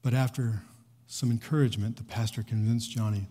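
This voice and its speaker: A man delivering a sermon in a mellow, warm voice. His words ring out in a large hall with a long reverb. He tells stories and then drives his point home with emphatic repetition. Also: medium pitch, fairly even intonation, fairly quick. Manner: storytelling with acted quotes, rising to emphatic repetition. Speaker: pastor.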